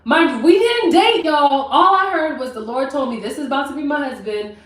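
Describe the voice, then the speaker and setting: A young woman telling a personal story on a live stream, chatty and animated, talking straight to her viewers from her kitchen. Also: high voice, a little fast, distant mic. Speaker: vlogger. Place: home kitchen. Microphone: camera mic at a distance. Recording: roomy, from off mic.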